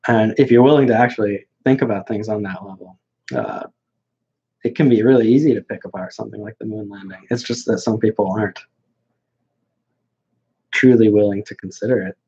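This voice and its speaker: A young man talking bluntly and mockingly in casual chat as a podcast guest, halting with many restarts, on a dull lo-fi recording. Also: fairly low pitch, warm tone, slightly rough. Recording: dull lo-fi sound.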